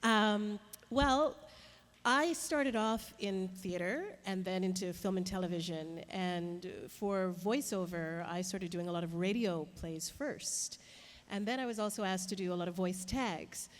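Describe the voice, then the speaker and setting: A woman guest on a voice actor panel, telling stories in an animated way with frequent laughs. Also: mid-range voice, a little slow. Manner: warm, laughing, animated storytelling. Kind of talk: panel talk. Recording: reverberant convention hall.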